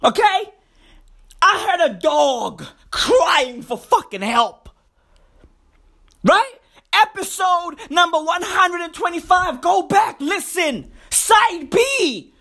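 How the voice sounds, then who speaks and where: A woman hosting a podcast in a profane comedic rant. She repeats her phrases and breaks into exasperated shouts. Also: very high voice, very animated, slow. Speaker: podcast host.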